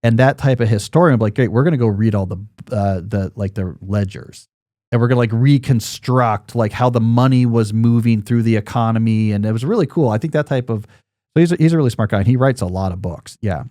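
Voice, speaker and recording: A man's voice: fairly low pitch, a little fast, mellow, no echo, studio quality. A man in his forties hosting a podcast in casual chat, rambling and joking, with lots of fillers and restarts. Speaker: podcast host.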